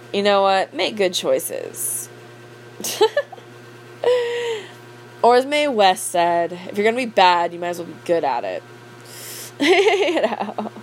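Young woman, casual late-night rambler; crude, blunt, filler-heavy, laughs a lot; faint hum in the background. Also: on the low side. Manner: laughs often. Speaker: cook.

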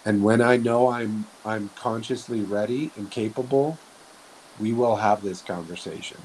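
A man talking slowly and earnestly in a reflective spiritual way, often restarting his sentences. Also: lowish voice, low-quality recording. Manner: slow, soft-spoken, earnest, with frequent restarts. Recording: faint hiss.

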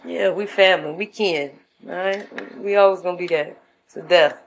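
Woman with a deep, husky voice, relaxed and slangy, giving advice in a casual vlog. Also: normal speed, poor audio. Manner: laid-back and slangy, acts out voices in anecdotes. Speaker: vlogger giving life advice. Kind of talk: casual monologue.

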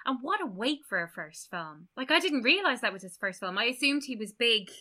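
A woman in casual conversation about a film, animated and laughing often. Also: fairly high pitch, fairly quick.

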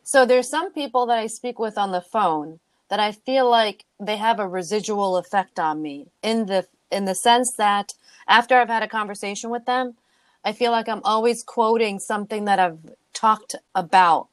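A woman's voice: mid-range voice, moderate pace, dry recording. A middle-aged woman co-hosting a casual chat podcast. She talks in an easy, chatty way and laughs often. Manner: giggly, chatty, reacts with frequent laughs. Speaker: podcast co-host.

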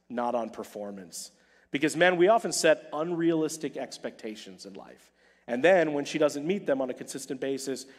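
Animated male pastor preaching. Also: a little high, big-room sound. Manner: animated, repeats key phrases for emphasis; plays out quoted dialogue. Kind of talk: sermon.

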